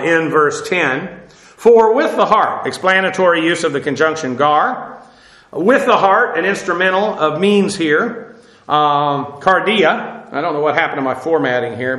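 A man teaching a verse-by-verse Bible study, parsing Greek grammar with frequent pauses and "uh" as he explains. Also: fairly high pitch, pushed and bright, roomy sound. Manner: explanatory, stops often with "uh" to parse grammar.

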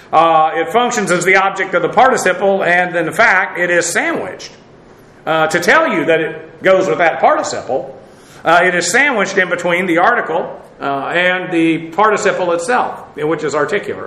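A man's voice: on the high side, pushed and bright, echoey room, rough recording. A man teaching a verse-by-verse Bible lesson, explaining at length with many filler uhs and restarts.

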